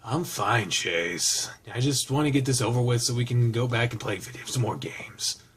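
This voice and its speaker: A man voicing a shy, gloomy young male anthro with hooves in a game, giving flat replies in a slightly husky voice. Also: medium pitch, moderate pace. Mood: glum.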